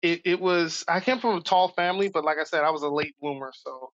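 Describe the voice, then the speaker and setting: Animated New man telling stories. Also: fairly high pitch, fast, lo-fi sound. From Brooklyn, New York. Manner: animated, acts out voices in stories. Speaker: guest. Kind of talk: casual storytelling.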